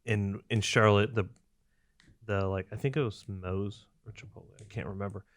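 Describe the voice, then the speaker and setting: A man's voice: lowish voice, steady tone, normal speed, dry recording. A man co-hosting a podcast in casual chat, laid-back and joking along. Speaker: podcast co-host.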